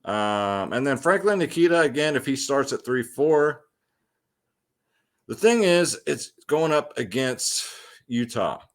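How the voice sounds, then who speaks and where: A man's voice: mid-range voice, lively intonation, a little slow. A young man hosting a fantasy sports picks show, talking loosely and slangily with lots of ums and side remarks. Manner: loose, slangy, chatty with many ums and asides. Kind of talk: casual slangy picks breakdown.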